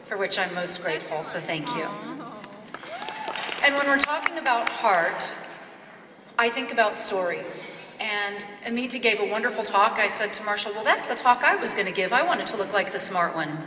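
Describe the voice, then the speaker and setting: A Kentucky woman speaks off the cuff at a gala, earnest and animated, her medium-pitched voice moving at a normal pace. The extemporaneous speech is captured from far off in a large, echoey ballroom, with faint ambience and background noise.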